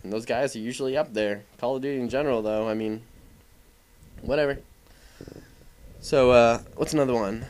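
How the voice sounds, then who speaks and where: A man's voice: mid-range voice, normal speed, long pauses, darkish tone. A young man giving casual, rambling voice-over commentary over gameplay, full of fillers and swearing. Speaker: gaming commentator.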